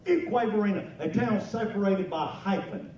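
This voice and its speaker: A man's voice: sits high, animated, moderate pace, recorded from a distance. A man in his fifties from North Carolina with a Southern US accent, doing folksy stand-up comedy at a luncheon. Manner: folksy, joking storyteller. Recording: echoey hall mic from afar, noisy.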